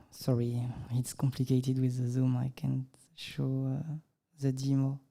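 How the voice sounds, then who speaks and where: A man's voice: mid-range voice, completely flat delivery, slow pace, vocal fry, mellow. A man from France with a French accent, giving a conference tech talk and demo, hesitant and apologetic with many fillers. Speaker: conference speaker. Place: conference hall stage.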